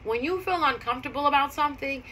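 Bright-voiced woman telling a chatty story. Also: high-pitched, quick pace, a little hiss or hum, poor audio. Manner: chatty, conversational, repeats key phrases for emphasis. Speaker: spiritual vlogger. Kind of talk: casual storytelling monologue.

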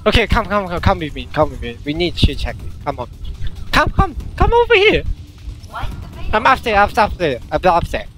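Excitable gamer man, high bright voice, yells and begs teammates for heals in broken English, game music behind. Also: normal speed. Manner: shouts and pleads to teammates, repeating himself. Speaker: gamer streaming team play. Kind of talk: excited gameplay chatter.

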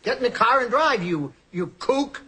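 A blunt, stammering therapist. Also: male voice, very high-pitched, moderate pace. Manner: stammering, deadpan, snapping orders. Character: blunt, impatient male therapist. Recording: TV sketch clip with audience laughter and noise.

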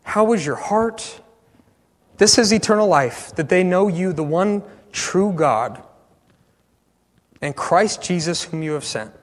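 A man preaching a sermon as pastor, passionate, swinging from loud bursts to hushed pleas. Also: sits high, lively intonation, unhurried, in a large hall. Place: church sanctuary.

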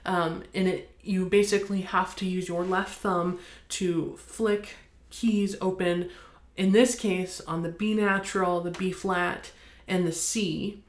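An American woman teaching bassoon, explaining in a friendly way and counting beats aloud. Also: steady tone, slow. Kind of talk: instructional demonstration. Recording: echoey room.

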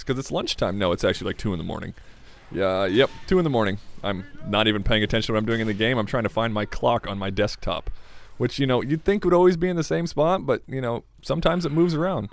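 A man's voice: medium pitch, gravelly. Tired, rambling gaming commentator, a man. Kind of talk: casual gameplay commentary. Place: home desk at night. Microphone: desk microphone.

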